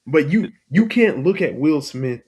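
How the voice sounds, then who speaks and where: A man hosting a podcast in casual chat, talking in an animated, emphatic, argumentative way. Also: fairly high pitch, measured pace, breathy edge. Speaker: podcast host.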